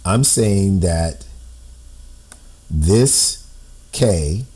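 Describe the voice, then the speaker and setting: Slow, deep-voiced man explaining a puzzle. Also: expressive, warm tone, husky. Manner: thinks aloud, often checks in with "right?". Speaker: amateur code-breaker. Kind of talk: explaining on a shared screen.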